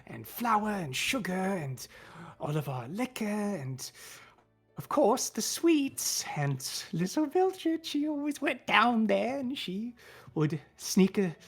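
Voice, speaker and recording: A woman's voice: mid-range voice, big pitch swings, slow pace, husky, soft background music, voice pushed up, heavily acted. A woman voicing a chatty, fussy older woman cook who rambles and dotes on children. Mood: doting. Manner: rambling, hesitant, doting.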